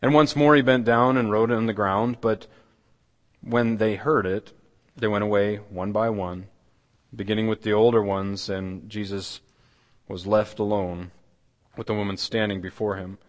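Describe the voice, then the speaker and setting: A man preaching a sermon, retelling a scripture story dramatically and dropping his voice to a near hush. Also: fairly low pitch, steady tone, moderate pace, in a large hall. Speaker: pastor. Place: church.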